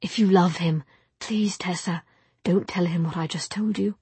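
A troubled young man, whispered by a woman narrator, pleading in secret. Breathy and hushed, recorded close and dry. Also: on the low side, steady tone, normal speed, dry recording.

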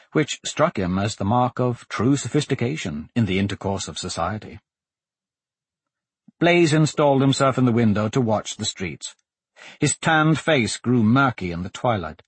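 A man narrating a story as an audiobook reader, expressive and voicing each character. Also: fairly low pitch, breathy edge, dry recording. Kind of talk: scripted narration.

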